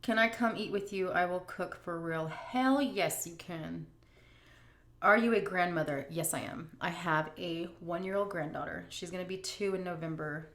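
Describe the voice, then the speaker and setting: A woman's voice: fairly low pitch, fairly bright tone. Candid middle-aged woman, echoey room. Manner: candid, emotional, drawn-out emphasis. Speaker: vlogger answering viewer questions. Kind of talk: casual Q&A chat.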